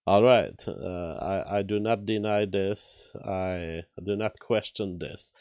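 This news streamer, a French native with an accent to match, reacts live to headlines and chat questions, often stumbling through fillers and restarts as he thinks. His voice is low, slow and slightly mellow, recorded cleanly in a studio without echo.

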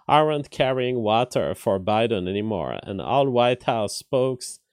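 A man hosting a live stream, talking through the news in a loose, conversational way. His voice sits at an ordinary middle pitch and is picked up close on a dry mic with no room sound. He stumbles through restarts and filler words, and he reads headlines aloud before reacting to them. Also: lively intonation, a little slow, no echo. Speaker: live-stream commentary host. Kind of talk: casual political and news commentary.

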